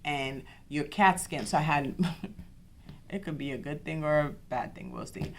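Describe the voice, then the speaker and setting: Podcast host, young woman, low-pitched, emphatic, personal storytelling. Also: measured pace, a little hiss or hum. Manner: animated, quotes others in dialogue, repeats herself.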